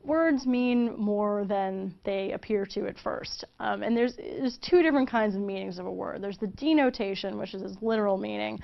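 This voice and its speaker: A woman's voice: medium pitch, moderate pace, gravelly, few pauses, highs cut off. A woman giving a casual, chatty video lesson, with frequent fillers and restarts as she explains. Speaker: teacher.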